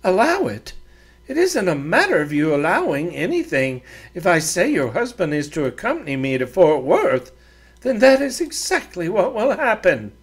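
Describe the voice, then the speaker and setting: A man's voice: huge pitch swings, moderate pace, breathy edge, full character voice. A man voicing a haughty, prim frontier woman who gives orders in a raised, imperious voice. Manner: imperious, high put-on voice.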